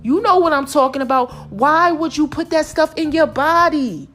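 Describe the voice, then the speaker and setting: A woman's voice: high-pitched, moderate pace, fairly bright tone, soft background music. A middle-aged woman, hosting her own podcast as a passionate, preachy motivational monologue addressed straight to listeners. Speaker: podcast host.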